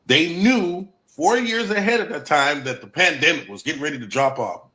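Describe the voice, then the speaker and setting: A man with a bright, ringing voice that sits a bit high delivers an emphatic livestream lecture with a Black lilt. He repeats his key points and keeps pressing the listeners. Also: animated, moderate pace, hardly any pauses. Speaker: guest presenter. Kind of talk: livestream talk.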